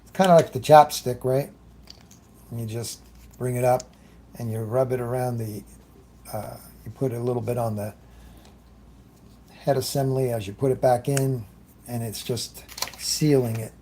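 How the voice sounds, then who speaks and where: A man's voice: medium pitch, fairly even intonation, normal speed, pauses often, warm tone, slight background noise. A man hosting a live airbrush demonstration, chatting loosely as he works, greeting viewers and often trailing off mid-thought. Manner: talks while working, trailing off often. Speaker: airbrush artist hosting a livestream.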